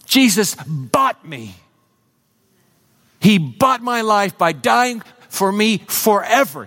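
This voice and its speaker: Male pastor, fairly high voice, emphatic sermon delivery that drops to a hush. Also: big pitch swings, takes it slowly. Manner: emphatic preacher, swings from loud to hushed.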